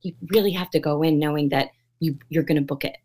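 A woman's voice: low-pitched, fast, a little mellow. A woman, an actress, chatting as an interview guest, bubbly, laughing often and using lots of fillers. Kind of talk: casual interview chat.

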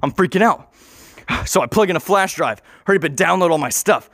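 A man improvising an absurd story in a rambling, excitable way, swearing and acting out the scenes. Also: high-pitched, a little fast, dry recording, studio quality.

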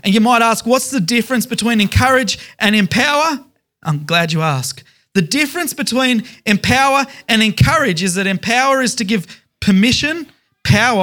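A man's voice: sits high, fairly bright tone. A man preaching a sermon as pastor, emphatic, stressing words in repeated lists.

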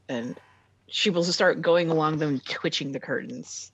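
A woman playing a tabletop game, speaking playfully and laughing easily, with a husky voice. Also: low-pitched, a little slow, fairly bright tone, dry recording, dull audio. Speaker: player.

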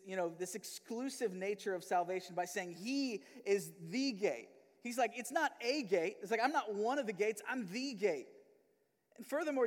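A man's voice: sits high, big-room sound. A man giving a sermon as pastor in a church, talking conversationally and acting out quoted prayers and voices. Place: church sanctuary.

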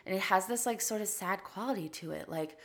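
A woman hosting a podcast, teaching a casual spoken singing lesson in a chatty, animated way with lots of "like" fillers. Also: medium pitch, fairly quick. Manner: chatty and animated, drifts into short sung demonstrations; frequent "like" fillers.

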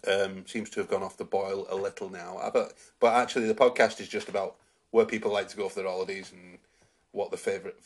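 Man, 40s, co-host, casual chat, fillers and restarts, lowish pitch. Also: fairly even intonation, fast talker. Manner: rambling, with many fillers and restarts. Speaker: podcast co-host.

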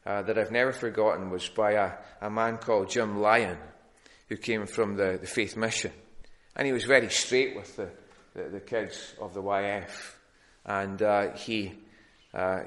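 A man's voice: fairly low pitch, a bit bright. A middle-aged man, a pastor, preaching an earnest, plain-spoken sermon with frequent restarts.

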